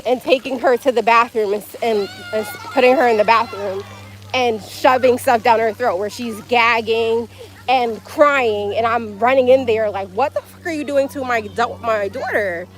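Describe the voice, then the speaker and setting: A woman's voice: fairly high pitch, poor audio. A woman livestreaming outdoors at a splash pad, telling a frank, emotional story, swearing freely and breaking off to talk to her child. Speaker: livestreamer mother.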